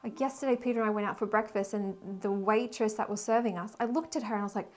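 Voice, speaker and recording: A woman giving a casual weekly tarot reading, emotional and rambling, with sighs and soft laughs. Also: medium pitch, quick pace. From Australia. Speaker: tarot reader and spiritual guide.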